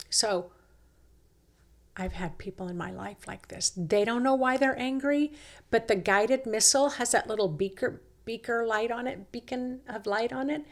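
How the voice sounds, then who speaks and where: A woman hosting a reflective self-help talk, coaxing and unhurried, who slips into quoted inner dialogue. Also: mid-range voice. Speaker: host.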